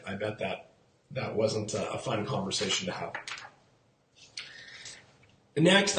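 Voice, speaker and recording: A man's voice: mid-range voice, echoey room, a little hiss or hum. Chatty man hosting a live real estate show. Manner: chatty, repeats key figures, quizzes and greets viewers. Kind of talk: live-streamed market talk. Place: outdoors in the sun.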